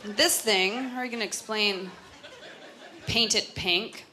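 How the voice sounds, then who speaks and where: Onstage at a noisy comedy club, a Canadian woman delivers stand-up in a medium-pitched voice at a slightly slow pace. She keeps it chatty and self-deprecating, slipping into character voices, while audience laughter fills the live recording.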